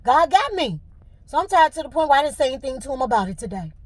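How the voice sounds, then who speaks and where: A woman's voice: sits high, very animated, fast talker, no room sound. A middle-aged woman, venting to camera with emotion and fighting back tears. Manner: tearful, fighting back crying. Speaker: vlogger.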